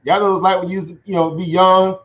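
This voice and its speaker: A man's voice: high voice, little pitch movement, fast talker, a bit bright. Stream host, male, casual market commentary, chatty and laughing, muffled audio. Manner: chatty, laughs often, keeps asking "right?". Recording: dull lo-fi sound.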